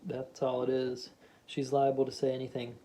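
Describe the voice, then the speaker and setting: A man voicing a stubborn, defiant middle-aged husband who talks gruffly in clipped dialect. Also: medium pitch, monotone, moderate pace, dark tone, natural voice. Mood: defensive.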